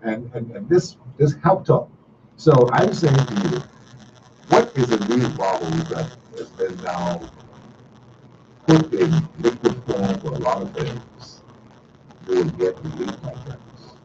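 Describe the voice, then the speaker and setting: A man's voice: fairly low pitch, expressive, takes it slowly, distant mic, dull audio, noisy background. A middle-aged man, hosting a casual call-in radio talk show with a folksy, repetitive, storytelling manner.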